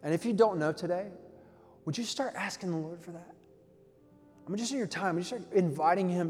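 A young man preaching a sermon, casual and slangy, swinging from soft tones to loud energetic bursts. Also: sits high, fairly quick, long pauses, faint music behind. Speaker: pastor. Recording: long hall reverb.

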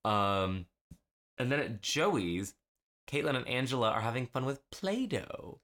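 A man's voice: medium pitch, animated, unhurried, a bit bright, slight background noise. A man co-hosting a podcast, recapping an episode in casual chat, rambling with many fillers and acting out lines. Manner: rambling, lots of "like" fillers, acts out quotes. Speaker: podcast co-host.

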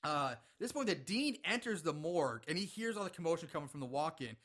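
A man's voice: a little high, sing-song, quick pace, a bit bright. A man casually recapping a horror movie plot with a co-host, laughing often and swearing freely. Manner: laughs often, profane, retells scenes. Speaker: podcast co-host.

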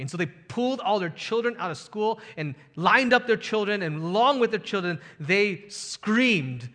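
A man's voice: a little high, sharp tone, long reverb tail. A man in his thirties preaching a sermon as pastor, telling a story earnestly and building to emphatic rhetorical questions.

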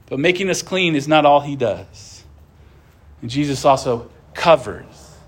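A man's voice: a little high, lively intonation, a little slow. A man preaching a sermon in a church, earnest and conversational, with asides to the congregation. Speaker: pastor.

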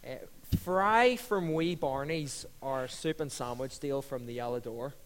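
A man's voice: medium pitch, measured pace, a bit bright, smooth. A man hosting a church panel, jokey and upbeat. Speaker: host. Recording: long reverb of a hall.

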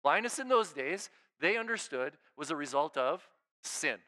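Guy preaching a laid-back sermon, kinda high bright voice, keeps saying right? and drops real quiet sometimes. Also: expressive, normal speed. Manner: informal preaching, frequent "right?" check-ins and repeated restarts; swings between emphatic raised lines and hushed near-murmurs. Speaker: pastor. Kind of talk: conversational sermon.

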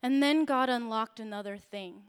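A woman's voice: on the high side, moderate pace, clean tone. A woman in her thirties giving a sermon-style personal testimony, talking conversationally and earnestly with frequent fillers and asides. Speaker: speaker sharing a testimony.

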